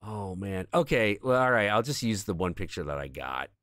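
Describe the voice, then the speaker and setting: A man hosts a casual stream and rambles profanely about comics. His pitch swings widely as he talks. The sound is dry and close, with no room around it. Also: normal speed, dry recording. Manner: profane, rambling, animated, searching for things mid-talk. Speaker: stream host.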